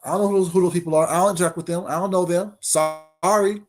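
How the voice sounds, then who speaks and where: A man's voice: sits high, steady tone, rapid-fire, music in the background. A man giving a brash, confrontational casual monologue as an online commentator.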